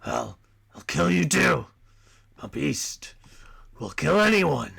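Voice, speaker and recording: A man voicing a tormented young man who calls himself a beast, frantic and shouting, over game music. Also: fairly high pitch, very animated, slow, creaky, slightly rough, exaggerated voice. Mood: furious. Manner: frantic, shouting, breaking into despair. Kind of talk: dramatic reading of a visual novel. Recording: loud game music behind voice.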